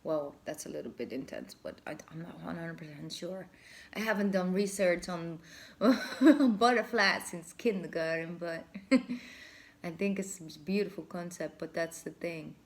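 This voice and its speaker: A woman's voice: on the low side, unhurried. A woman giving a casual tarot reading, effusive and thinking aloud, often breaking into laughter. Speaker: tarot reader.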